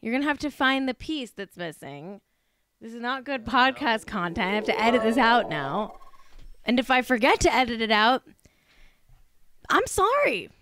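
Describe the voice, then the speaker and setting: A woman's voice: on the high side, very animated, normal speed, fairly bright tone. A woman hosting a casual celebrity gossip podcast, sarcastic and exasperated, swearing freely. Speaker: podcast host.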